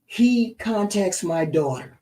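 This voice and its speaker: Mellow-voiced woman telling a family story. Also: mid-range voice, slow, recorded from a distance, poor audio. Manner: animated retelling, tags lines with "right?". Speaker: podcast co-host. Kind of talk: casual storytelling chat.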